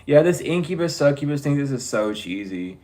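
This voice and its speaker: A man's voice: medium pitch, lively intonation, fairly quick, warm tone. A man giving a casual tarot reading, talking bluntly and joking with frequent swearing. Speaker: tarot reader.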